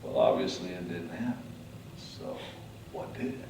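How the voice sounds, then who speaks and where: A man giving a motivational speech, telling his story dramatically, swinging from hushed to loud. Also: low voice, unhurried, creaky, distant mic, noisy background. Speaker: motivational speaker. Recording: echoey hall, mic from afar.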